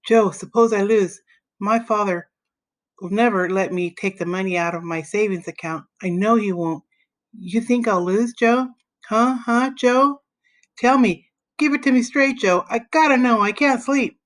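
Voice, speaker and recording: A woman's voice: medium pitch, steady tone, moderate pace, close to an everyday voice. A woman voicing a scared boy who pleads breathlessly on the phone late at night. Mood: anxious.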